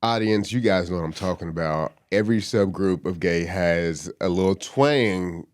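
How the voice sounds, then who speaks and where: A lowish male voice co-hosts a casual talk show. The man is from Dallas and talks bluntly. He laughs often and keeps pushing his point. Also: normal speed, dry recording, studio quality. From Dallas, Texas. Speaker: podcast co-host. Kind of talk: casual chat.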